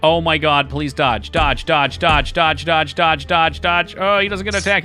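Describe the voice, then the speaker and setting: A man streaming a game live, chatting casually and excitably, joking and swearing often. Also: a little high, moderate pace, soft background music.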